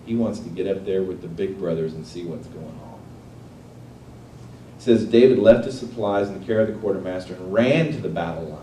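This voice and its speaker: Conversational preacher, roomy and distant. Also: male voice, deep voice, brisk, warm tone, a little hiss or hum. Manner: conversational, asks the audience questions. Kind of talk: sermon. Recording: echoey room, voice from a distance.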